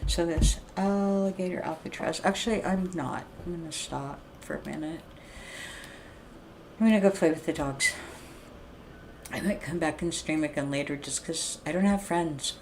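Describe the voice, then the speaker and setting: A woman's voice: low-pitched, moderate pace, slight background noise. A middle-aged woman livestreaming a casual, rambling rant, blunt and full of swearing. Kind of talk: casual venting monologue.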